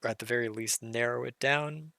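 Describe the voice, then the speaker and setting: A hoarse man solving a logic puzzle live, muttering through his reasoning and self-correcting as he goes. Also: medium pitch, a little fast, sharp tone, no echo, clean studio sound. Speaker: puzzle streamer. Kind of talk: thinking-aloud live puzzle solve.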